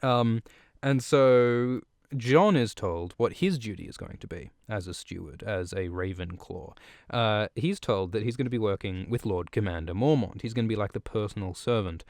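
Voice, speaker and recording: Man, podcast host, rambling irreverent book recap, low voice, dry close sound. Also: moderate pace, a little mellow, no echo. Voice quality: rambling, irreverent, swears freely. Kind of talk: casual comedic book recap.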